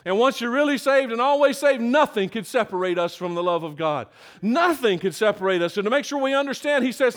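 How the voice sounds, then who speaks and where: An older man preaching a sermon in a folksy, emphatic way that builds to loud peaks. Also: very high-pitched, expressive, brisk.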